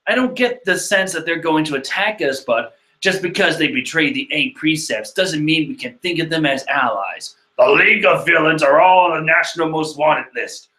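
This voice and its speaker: A man's voice: on the high side, normal speed, hardly any pauses, sharp tone. A man voicing a stern adult male police chief who speaks formally. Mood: solemn. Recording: echoey room.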